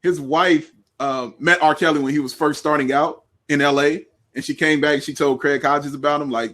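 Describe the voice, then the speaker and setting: A man from Chicago, co-host of a sports show, telling animated stories in casual chat and acting out what people said. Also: a little high, normal speed, few pauses. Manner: animated storyteller, acts out quotes, laughs often.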